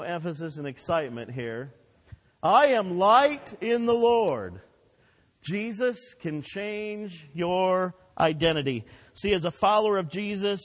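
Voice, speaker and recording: A male pastor preaching a sermon in a church, with emphatic delivery that swells and drops and leads the congregation in call-and-response. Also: on the high side. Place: church sanctuary. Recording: long hall reverb.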